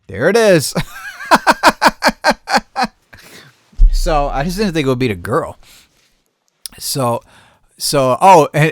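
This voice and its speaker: A man's voice: mid-range voice, dry recording, studio quality. A man hosting a podcast, telling a story in casual chat, swearing often and laughing as he goes. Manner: profane, animated, laughing storyteller. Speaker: podcast host.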